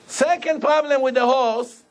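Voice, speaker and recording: A rabbi preaching a sermon, telling stories in an animated way and repeating phrases for emphasis. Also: male voice, very high voice, unhurried. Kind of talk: sermon with storytelling.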